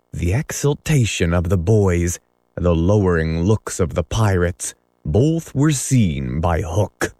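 A man narrating a classic story as an audiobook, measured and dramatic. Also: sits low, very animated, mellow, no echo. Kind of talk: audiobook reading.

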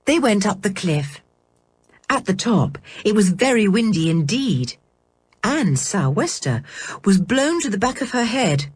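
Expressive woman reading a storybook. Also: mid-range voice, unhurried, breathy edge, no echo. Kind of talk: storybook narration.

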